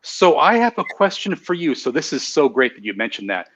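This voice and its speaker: A man's voice: fairly high pitch, very animated, fairly quick, fairly bright tone. A man hosting a live online show, chatting casually, laughing at himself and reading out viewer comments. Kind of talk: casual live-stream chat.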